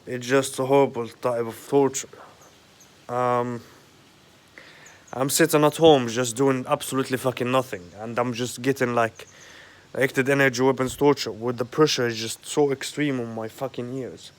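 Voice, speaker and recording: A man in a rambling monologue at home, agitated and profane, halting often with fillers. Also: medium pitch, fairly even intonation. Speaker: vlogger. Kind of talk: rambling direct-to-camera monologue. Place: at home, indoors.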